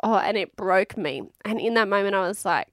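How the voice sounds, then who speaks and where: A woman in her thirties tells a personal story in a relaxed, candid way, with plenty of fillers and casual swearing. Her voice sits at a middle pitch. The sound is close and dry. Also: brisk, dry recording. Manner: frank, chatty, swears freely, lots of fillers. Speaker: mother telling her birth story.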